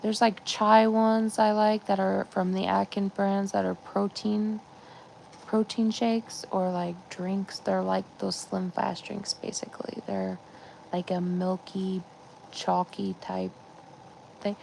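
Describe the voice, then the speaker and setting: A woman's voice: mid-range voice, level tone, slow, gravelly, darkish tone, slight background noise. A woman hosting a casual live chat, rambling and chatty, with lots of fillers, talking to her viewers. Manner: talks to her viewers as "guys". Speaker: live-stream host.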